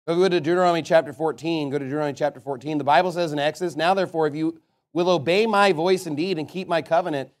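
A man preaching a sermon as a pastor, emphatic, swinging between loud declarations and quiet asides. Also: on the high side.

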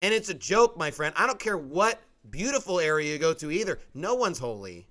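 A young man preaches a sermon in a high voice. He is emphatic and forceful and often pushes up into sharp, rising outbursts. His tone is bright and edgy. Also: a little fast.

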